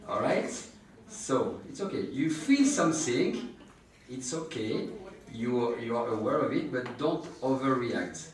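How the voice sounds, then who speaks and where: A man's voice: medium pitch, lively intonation, unhurried. A man teaching a live injection class, explaining each step and joking with the patient. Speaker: aesthetic injection trainer. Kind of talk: live hands-on class demonstration. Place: treatment room with an audience. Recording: echoey room picked up from a distance.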